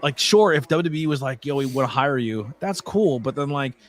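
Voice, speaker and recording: A young man from Pennsylvania hosting a live stream in casual chat, rambling and animated, swearing now and then. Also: medium pitch, brisk. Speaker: stream host.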